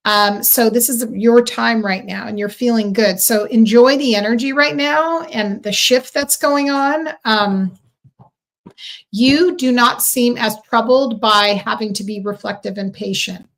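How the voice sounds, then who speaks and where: A woman's voice: fairly high pitch, measured pace. A woman reading tarot and astrology on a live stream, chatty and effusive, talking straight to her viewers with many ums and okays. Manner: chatty and effusive, frequent ums and "okay", addressing viewers directly. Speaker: livestream tarot and astrology reader.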